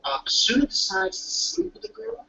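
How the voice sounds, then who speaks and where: High, lively, gravelly voice recapping a show. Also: moderate pace. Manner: rambling, restarting, acting out quotes. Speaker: anime recapper. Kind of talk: casual episode recap. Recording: distant, dull lo-fi mic.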